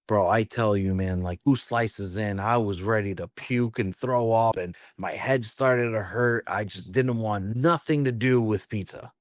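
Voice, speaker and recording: Animated storytelling man, dry sound. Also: on the low side, measured pace, dry recording. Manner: animated, acts out quotes with "like" and "dude". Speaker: pizzeria owner, guest. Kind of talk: casual storytelling.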